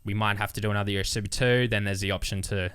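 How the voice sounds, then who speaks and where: Smooth-voiced young Australian man. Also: fairly low pitch, rapid-fire, dry recording, clean studio sound. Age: young adult. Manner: animated storyteller, acts out quotes with swearing. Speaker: racing driver guest. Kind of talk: casual storytelling chat.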